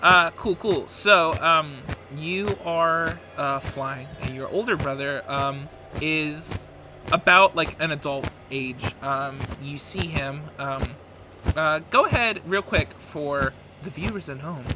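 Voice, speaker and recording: A man narrating a tabletop game as game master, halting, with many fillers. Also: fairly high pitch, music in the background.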